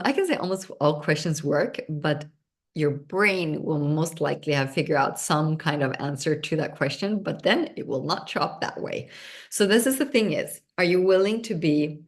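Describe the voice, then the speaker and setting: A lively woman whose first language is Swedish hosts an online seminar in English, her voice sitting a little low. She talks with bubbly intensity on a video call. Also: normal speed. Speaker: seminar host.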